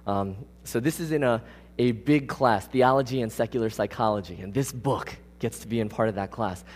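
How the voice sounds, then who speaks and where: A man's voice: medium pitch, normal speed, slight background noise. A man preaching a conversational sermon. He speaks casually but with emphasis and often puts questions to the congregation. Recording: long reverb of a large hall.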